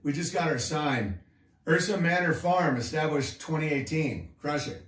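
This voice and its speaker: A man's voice: on the high side, normal speed, fairly bright tone, echoey room, distant mic. A man hosting a comedy show, riffing in a sarcastic, crude, rambling way. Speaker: comedian host.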